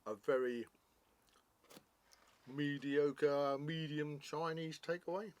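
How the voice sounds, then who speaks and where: A man's voice: on the high side, steady tone, takes it slowly. A man co-hosting a casual product review, chatty and jokey, explaining things at length.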